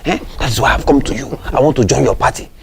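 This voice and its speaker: A man's voice: medium pitch, fast, vocal fry, slight background noise, natural voice. A man with a Nigerian accent playing a boastful politician in a comedy skit, taunting his rival with a stream of fillers. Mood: persuasive. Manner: gloating, taunting, repeats fillers. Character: boastful mocking male election winner. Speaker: winning politician.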